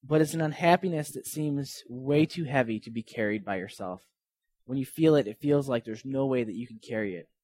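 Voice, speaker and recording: A man's voice: medium pitch, brisk, a little mellow, no room sound. A man giving an earnest, conversational sermon, retelling and reading Bible passages. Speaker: pastor.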